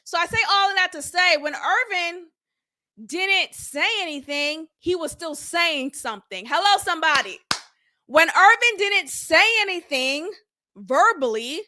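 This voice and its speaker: Acting out quotes and laughing frequently, a young adult woman hosts an animated, casual reality show recap. Her voice is very high.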